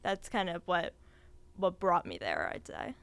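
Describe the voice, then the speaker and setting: A young woman chats as a podcast guest, her voice smooth and clean and recorded close and dry. She talks loosely, scattering fillers and laughing often. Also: lowish voice, very animated, measured pace, fairly bright tone, dry recording. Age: young adult. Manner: chatty, full of "like" and "um", laughs easily. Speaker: podcast guest, design student. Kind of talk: casual interview chat.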